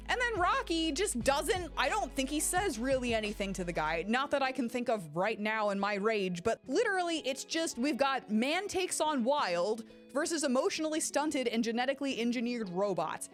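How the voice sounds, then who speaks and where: A woman's voice: high voice, expressive, moderate pace, hardly any pauses, soft background music. A woman hosting a casual film review, ranting sarcastically and swearing often.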